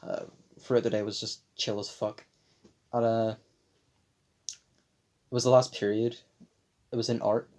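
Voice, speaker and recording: A young man in his late teens, co-hosting a podcast, tells a crude childhood story in a casual chat, rambling and swearing as his voice sometimes cracks. His fairly low, darkish voice is flat and a little slow, with frequent pauses.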